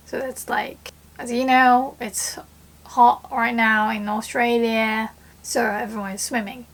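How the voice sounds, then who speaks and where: A young woman teaching a casual Japanese lesson in English, chatty, acting out example phrases with lively shifts in her voice. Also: on the high side, a little slow, vocal fry.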